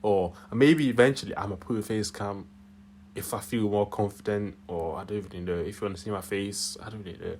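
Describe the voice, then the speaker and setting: Speaking briskly in a fairly low, steady, slightly dark voice, this young channel host has a Yorkshire accent with a hint of Nigerian. There's faint background noise while he rambles casually on his own from his room, laughing a lot.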